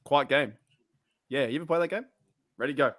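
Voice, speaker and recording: A man's voice: on the high side, brisk, fairly bright tone. A man hosting a fan live stream, casually reading out chat comments. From Australia. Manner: easygoing, reads chat comments aloud.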